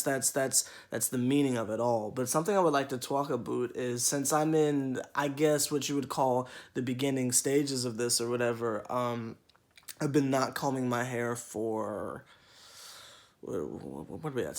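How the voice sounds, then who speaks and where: A young man vlogging casually to camera, rambling with many restarts and mock-quoting other people. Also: medium pitch. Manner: rambling, with repeated restarts and mocking quoted voices.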